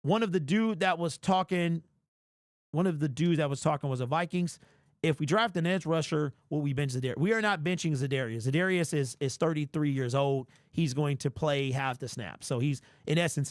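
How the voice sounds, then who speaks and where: A man with a high voice hosts a casual fan live stream, reacting to chat in an animated, teasing way. The sound is dry and close. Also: a little fast, dry recording. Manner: animated, mock-indignant, teasing. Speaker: fan livestream host.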